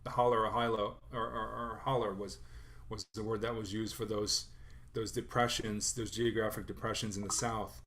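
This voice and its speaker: A man lecturing on the history of sailor songs in a thoughtful academic presentation, pausing often with fillers and restarting his sentences. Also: lowish voice, level tone, a bit bright, slight background noise.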